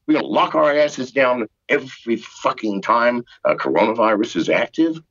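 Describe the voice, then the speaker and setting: Older male guest, husky, swooping pitch, profane exasperated rant, muffled lo-fi line. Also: expressive, moderate pace, fairly bright tone. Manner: profane, exasperated ranting with sarcastic jokes. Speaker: podcast guest. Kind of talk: ranting call-in interview.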